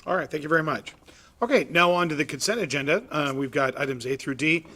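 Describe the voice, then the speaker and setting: A male mayor chairs a city council meeting, reading agenda items and calling votes briskly. His voice is bright and forward, pitched a bit high. He keeps a light, joking edge. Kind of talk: formal meeting procedure. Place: council chamber.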